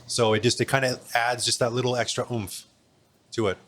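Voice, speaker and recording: A man chatting casually on a podcast, relaxed and thinking aloud with many fillers. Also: medium pitch, a little fast. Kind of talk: casual chat.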